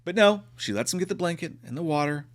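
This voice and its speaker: A male movie reviewer who talks with a slightly high voice that swings up and down. He swears freely and exclaims often in a casual, worked-up retelling. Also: fast talker. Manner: profane, animated, exclamatory.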